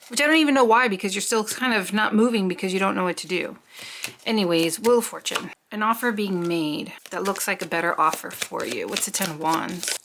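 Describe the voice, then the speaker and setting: A woman's voice: medium pitch, fairly bright tone, a little hiss or hum. Chatty rambling woman reading tarot. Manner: chatty, rambling, swears casually, talks to herself. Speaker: tarot reader.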